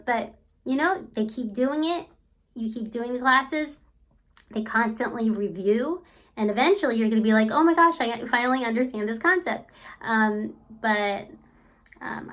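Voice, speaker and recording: A woman's voice: fairly high pitch, fairly bright tone. A woman vlogger speaking in a casual, frank, rambling way, full of fillers like "um" and "you know.". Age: adult. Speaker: language-learning vlogger. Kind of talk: casual chatty review.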